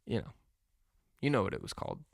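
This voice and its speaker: A man hosting a podcast, delivering a rambling, profane comedic rant in a deadpan way. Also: low voice, fairly quick, vocal fry, no echo, studio quality. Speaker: podcast host.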